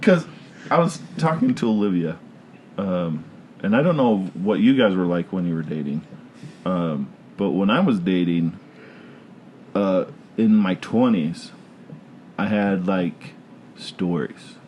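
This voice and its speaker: A man's voice: sits low, animated, slow, long pauses, darkish tone, a little hiss or hum. A man hosting a casual movie chat, loose and rambling with many ums.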